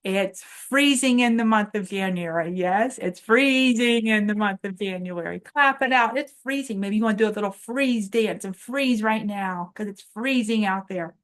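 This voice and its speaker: A woman's voice: medium pitch, moderate pace, hardly any pauses. A woman hosting a preschool morning lesson, coaxing young children through upbeat call-and-response chants. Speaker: children's show host.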